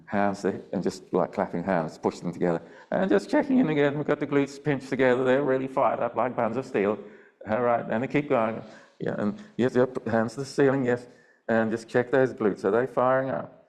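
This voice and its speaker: An older man teaching a Pilates class over a video call, giving gentle step-by-step breathing and movement cues and checking in often. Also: mid-range voice, moderate pace. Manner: calm, gentle cueing with frequent check-ins. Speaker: Pilates instructor. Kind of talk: live online class instruction.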